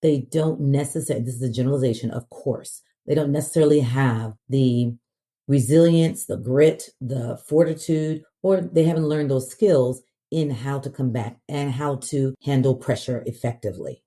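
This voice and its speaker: A woman from the American South, a podcast guest, talking casually and confidently, clear speech with frequent fillers. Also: very deep voice, moderate pace, dark tone. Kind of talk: casual interview talk.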